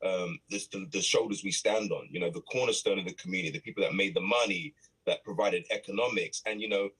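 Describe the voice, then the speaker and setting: Easygoing British man, low and husky. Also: fast, fairly bright tone, rough recording. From Britain. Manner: playful, easygoing, with many restarts. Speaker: actor and producer guest. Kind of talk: casual chat.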